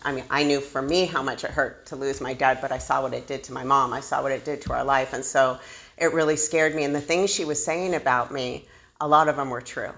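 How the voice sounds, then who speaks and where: A woman's voice: very deep voice, steady tone, brisk, fairly bright tone. A woman candidly telling her own recovery story, self-deprecating and laughing often. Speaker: speaker sharing a recovery story. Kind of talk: personal storytelling.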